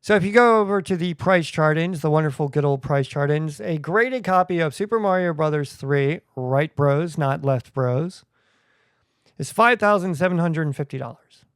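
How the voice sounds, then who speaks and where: A man's voice: fairly high pitch, normal speed, clear, resonant tone, no room sound, clean studio sound. A man hosting a retro video game podcast, talking casually with jokey asides. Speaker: podcast host.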